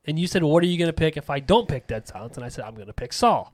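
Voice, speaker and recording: A man's voice: a little high, no echo, studio quality. A man hosting a horror movie podcast, teasing his co-hosts in casual chat. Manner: animated, teasing, quick. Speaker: podcast host.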